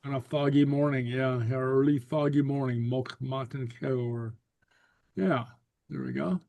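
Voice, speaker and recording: A man teaching a Gaelic class over a video call, relaxed and full of fillers and repeated okays. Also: mid-range voice, moderate pace, vocal fry, no room sound.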